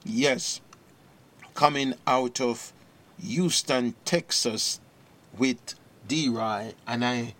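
A man preaching a sermon and reading scripture aloud, slow and deliberate, rising in emphasis on key verses. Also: medium pitch, a bit bright.

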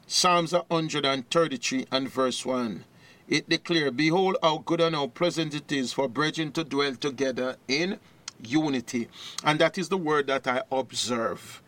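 A man's voice: on the high side, fairly bright tone. A man preaching a sermon, reading scripture in a rising, declaiming voice and greeting partner ministries.

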